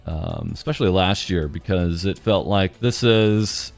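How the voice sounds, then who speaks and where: A man's voice: sits low, sing-song, a little slow, vocal fry, soft background music. A man hosting an interview, asking questions casually with frequent hesitant fillers. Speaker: interviewer host.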